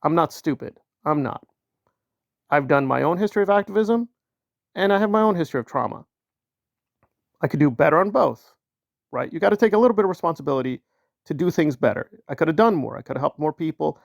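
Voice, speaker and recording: A man's voice: on the high side, expressive, a little fast, creaky, long pauses, no room sound, clean studio sound. A man hosting a solo commentary channel, talking in a heated, emphatic way with lots of repetition and mocking quotes in a raised voice.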